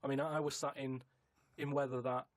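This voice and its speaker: A man chatting in a studio, explaining himself in a halting, rambling way full of restarts. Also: medium pitch, flat delivery, no room sound. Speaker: regular guest. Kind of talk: casual studio chat. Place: radio studio.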